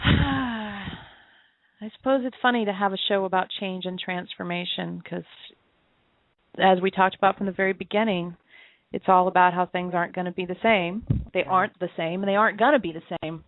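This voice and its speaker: A woman's voice: mid-range voice, fairly even intonation, normal speed, dry recording. A woman co-hosting an internet radio show, telling stories in a reflective, casual way and laughing often. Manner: reflective storytelling with frequent laughs. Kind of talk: casual chat. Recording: tinny phone-line audio.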